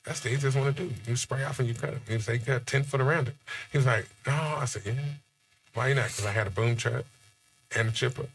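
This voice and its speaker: A man from Texas, chatting casually on a podcast and telling animated stories with acted-out quotes. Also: medium pitch, quick pace, slight background noise.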